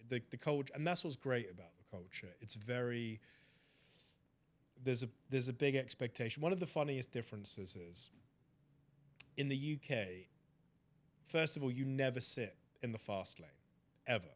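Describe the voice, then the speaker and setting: A man's voice: mid-range voice, normal speed, pauses often. A man with an English accent, a guest telling stories in a casual chat. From Britain. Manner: animated storyteller. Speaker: interview guest.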